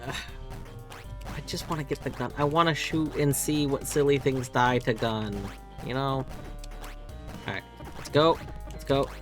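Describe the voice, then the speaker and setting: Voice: medium pitch, steady tone, a little slow, long pauses, music in the background. A streamer chatting through a live game session, narrating every move and letting out sudden yelps when things go wrong. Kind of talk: live gameplay commentary.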